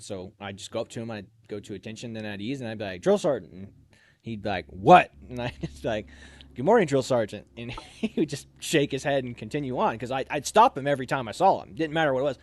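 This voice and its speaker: A young man telling army stories in a casual chat, animated and laughing as he acts out lines. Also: medium pitch, fast talker.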